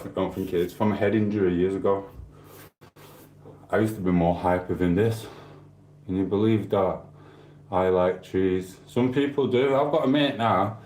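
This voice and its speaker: A man's voice: low-pitched, a little mellow, roomy sound. A man hosting a stream, rambling in casual chat with swearing and asides to viewers. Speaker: livestream host.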